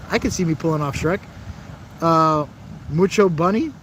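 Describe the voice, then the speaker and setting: A man's voice: fairly high pitch, moderate pace, a bit bright, slight background noise. A man hosting a casual livestream, rambling and laughing as he answers viewers' chat messages while standing outdoors beside a building. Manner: rambling, chatty, laughs often. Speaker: livestream host reading chat. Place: outdoors by a building's glass, out of the wind.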